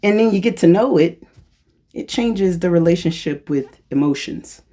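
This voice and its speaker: A channeler talks freely in a loose, meandering monologue, often restarting and correcting themselves. The humor is playful and self-mocking, and quoted thoughts jump into high, sing-song voices. The voice sits in a middle pitch. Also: animated, moderate pace, dark tone. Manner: rambling, restarts and corrects itself. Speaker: spiritual channeler.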